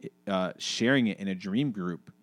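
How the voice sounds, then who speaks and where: A man talks in a loose, rambling way, his voice sitting low. He restarts sentences and leans on fillers as he chats with a co-host. The sound is close and dry. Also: moderate pace, dry recording. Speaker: podcast co-host. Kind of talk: casual conversation, reading aloud from a book.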